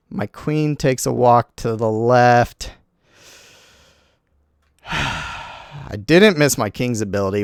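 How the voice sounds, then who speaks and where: A man commenting on a replay of his own game, animated and self-critical, talking to himself as he goes. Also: a little high, creaky, smooth, no room sound, clean studio sound. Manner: self-critical, talks to himself while narrating; animated, quick swings between groans and cheers. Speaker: gaming channel host.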